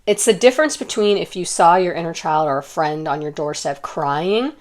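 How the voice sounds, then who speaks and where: Soft-spoken woman giving a card reading. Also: on the low side, normal speed. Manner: gentle, rambling, many fillers and restarts. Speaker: tarot card reader. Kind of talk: intuitive pick-a-card reading.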